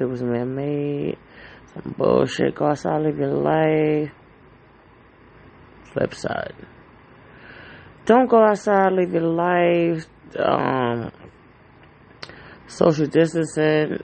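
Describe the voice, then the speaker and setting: A man's voice: a little high, creaky, a little mellow, a little hiss or hum, poor audio. A man hosting a casual solo podcast from home, rambling in an anxious, heartfelt way with lots of fillers and swearing. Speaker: podcast host.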